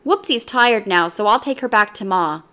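Brief: a woman playing a caring young gorilla brother, gentle, explains things patiently. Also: mid-range voice, lively intonation, moderate pace.

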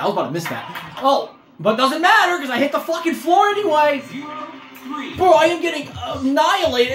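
A woman playing a video game and commenting as she goes, frustrated, swearing a lot and yelling at the game. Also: a little high. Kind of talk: let's-play commentary. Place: room at home while playing a motion-control console. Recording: echoey room with faint game music.

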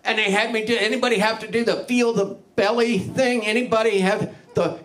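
A middle-aged man works an open mic crowd with crude, rambling, self-mocking stand-up and shouts his punchlines. His voice sits high and sounds bright and forceful through a handheld stage mic in a small club. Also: moderate pace. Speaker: stand-up comedian.

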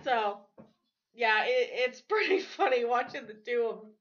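A woman's voice: on the high side, expressive, measured pace, a bit bright. Chatty woman vlogging on a lo-fi recording. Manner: chatty, laughs often between words. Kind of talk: casual rambling vlog chat. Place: at home. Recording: dull lo-fi home recording.

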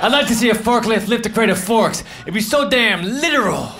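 A man doing a stand-up comedy set on a club stage, delivering deadpan, offhand one-liners into a handheld mic. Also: brisk, gravelly. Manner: deadpan, offhand one-liners, drifts into low muttered asides. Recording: live club recording with audience noise. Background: audience laughter.

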